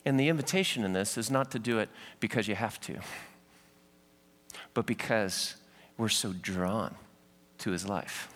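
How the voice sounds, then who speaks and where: Man preacher, animated storyteller, bright, echoey hall sound. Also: on the low side, unhurried, long pauses. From Southern California. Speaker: pastor. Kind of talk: sermon.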